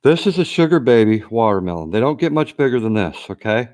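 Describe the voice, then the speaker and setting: A plain-spoken man chatting on a casual live stream, enthusiastic and down to earth. His voice sits in an ordinary middle pitch, and he keeps checking in with his listeners as he talks. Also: very animated, fast, a little mellow. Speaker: co-host.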